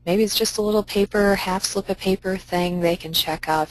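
A woman's voice: medium pitch, fairly even intonation, normal speed, hardly any pauses, no room sound, poor audio. A woman library director giving an upbeat, conversational conference presentation full of practical advice.

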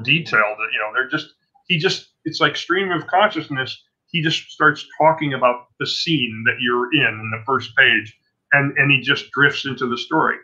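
A man's voice: medium pitch, sharp tone. A man in his sixties, a comic book artist being interviewed, telling stories in a rambling, self-interrupting way. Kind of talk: casual interview storytelling. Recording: dull lo-fi sound.

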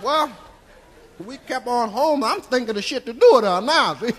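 A comedian playing a crude, rambling old Southern storyteller with a Southern US accent, drawling folksy tales on a live stand-up stage. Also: male voice, very high-pitched, animated, normal speed, a bit bright, slightly rough, some chatter behind, exaggerated voice. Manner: drawling, folksy, keeps tagging lines with "see?". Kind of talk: live stand-up character monologue.

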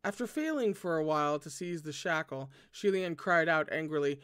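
A man's voice: on the high side, lively intonation, normal speed, hardly any pauses, a bit bright, clean tone. A man reading a novel aloud and breaking off for chatty, swearing commentary. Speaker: book reader.

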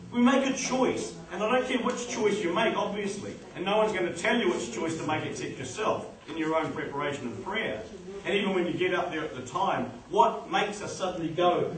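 A man leading a live workshop, talking to a group with exuberant, emphatic delivery and sudden shifts in stress and loudness. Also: fairly high pitch. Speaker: workshop presenter. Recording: echoey room from far off, faint noise.

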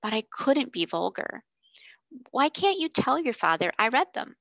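A woman's voice: high-pitched, sing-song, a little slow, creaky, a bit bright, no room sound, voice pushed up, exaggerated voice. Woman voicing an earnest bookish girl.

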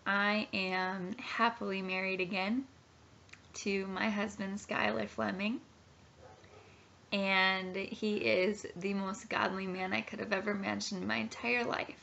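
A woman's voice: medium pitch, level tone, measured pace, creaky, bright, forceful tone, a little hiss or hum. A woman in her thirties giving an earnest, heartfelt personal testimony in a home vlog. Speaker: Christian sharing her testimony. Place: home nursery. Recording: dull lo-fi recording.

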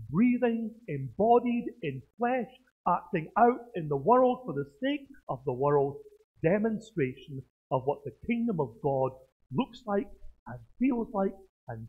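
A man, a pastor, preaching a sermon in a church through a face mask, with animated delivery and self-mocking jokes. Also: high-pitched, slightly rough. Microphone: speaking through a face mask. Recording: tinny phone-like sound.

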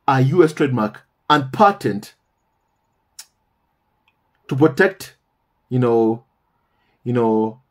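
Husky emphatic man with lively pitch. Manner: emphatic, repeats phrases for stress; addresses viewers as "my family". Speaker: commentary channel host. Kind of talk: casual monologue commentary.

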